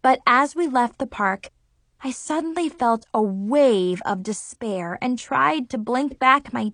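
A woman narrating a first-person children's story with expressive, dramatic exclamations. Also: fairly high pitch, no room sound, studio quality. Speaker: audiobook narrator.

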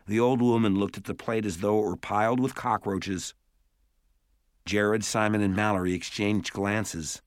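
A man reading a story aloud as an audiobook narrator, in a measured, even way. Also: on the low side, no echo, clean studio sound. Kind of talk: scripted narration.

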